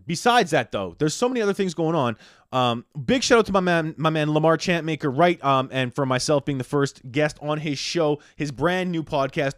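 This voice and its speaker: A man's voice: on the high side, dry recording, studio quality. A man hosting a casual podcast monologue, rambling and swearing freely, with lots of fillers. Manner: rambling, profane, full of fillers. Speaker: podcast host.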